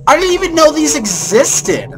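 A man co-hosting a let's play, giving casual, excitable gaming commentary full of jokes and shouts. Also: very high voice, normal speed.

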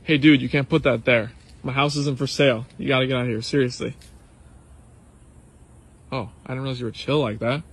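A man in a comic skit, talking in a gruff, laid-back way. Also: mid-range voice, fairly even intonation, fairly quick, pauses often, a little hiss or hum.

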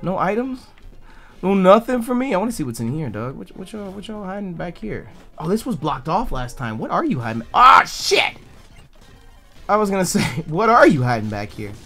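A young man giving casual, profane let's play commentary, bursting into loud yells. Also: sits high, very animated, fairly quick. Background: faint game music.

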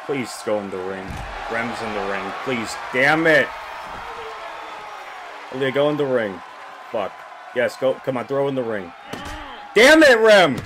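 A man giving casual, reactive commentary on a wrestling video game, swearing and yelling at the screen as he pleads with the characters. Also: mid-range voice, a little slow, pauses often. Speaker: gameplay commentator. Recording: game crowd and noise behind voice.

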